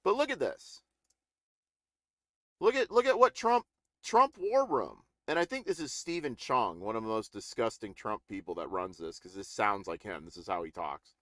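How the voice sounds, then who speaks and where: A man's voice: on the low side, lively intonation, normal speed, a bit bright, no echo, clean studio sound. A middle-aged man ranting in a casual political live stream, rambling and indignant with many restarts.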